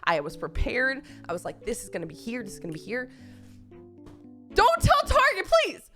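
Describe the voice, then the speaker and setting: A woman's voice: mid-range voice, animated, fast, a bit bright, faint music behind. A young woman from Texas who is sick with a cold, chatting casually on her livestream and telling a rambling story with exasperated asides. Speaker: streamer.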